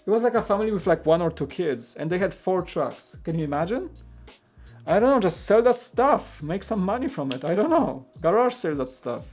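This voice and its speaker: A man with a slightly raised voice hosts a live building stream. He rambles casually with plenty of filler words and answers viewers' comments as they come in, while soft music plays behind him. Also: high voice, big pitch swings, a little fast. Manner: reads and greets viewer comments. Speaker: live-stream host building a toy set.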